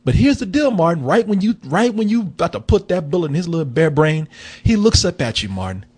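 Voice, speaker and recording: Husky, animated male review show host. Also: fairly high pitch, brisk. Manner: animated, profane, rambling storytelling. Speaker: film review podcast host. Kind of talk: casual comedic chat.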